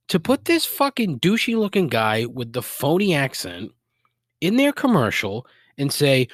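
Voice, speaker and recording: A thick-accented podcaster from the Boston area, USA, delivers an unhurried solo rant, cursing freely and tossing in sarcastic remarks out of exasperation. His pitch swoops wildly as he gets worked up. The dry, close recording carries no room sound at all.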